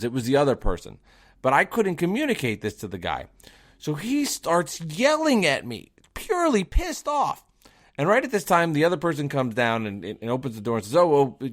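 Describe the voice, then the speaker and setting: A man's voice: mid-range voice, a bit bright. A man hosting his own podcast, telling stories in a chatty, casual way with plenty of swearing. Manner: chatty, profane, self-deprecating. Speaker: podcast host. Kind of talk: casual storytelling.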